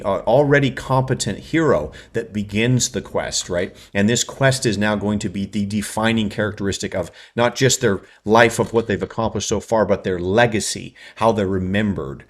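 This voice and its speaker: Male writing-channel host, lowish voice, rapid lecturing delivery. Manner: fast, tags points with "right?". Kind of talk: explanatory lecture.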